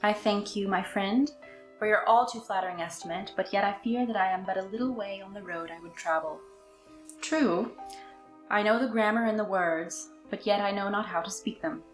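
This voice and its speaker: A woman's voice: medium pitch, normal speed, natural voice. A woman voicing a courtly old male vampire count, reading a novel aloud with formal, stately phrasing, in an echoey room. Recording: echoey room, faint music.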